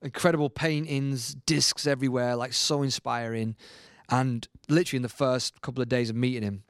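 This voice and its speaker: Animated man telling stories. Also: mid-range voice, a little fast, smooth, no echo, clean studio sound. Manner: animated storyteller, laughing often, colloquial. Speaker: guest musician. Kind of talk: casual anecdote-telling.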